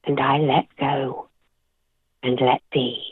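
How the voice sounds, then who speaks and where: A woman therapist reads her own poem in a gentle, measured voice, very slowly. The sound is dry and narrow over a phone line. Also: very deep voice, little pitch movement, husky, dry recording. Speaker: therapist and author. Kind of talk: interview guest reading her own poem.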